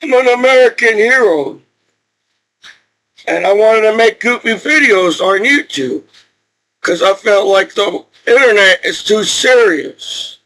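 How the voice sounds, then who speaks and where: A man's voice: high voice, a little slow, bright, forceful tone, rough recording. A middle-aged male military veteran from New Jersey, ranting angrily and profanely to camera and repeating himself. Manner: agitated, profane, repetitive. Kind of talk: angry rant to camera.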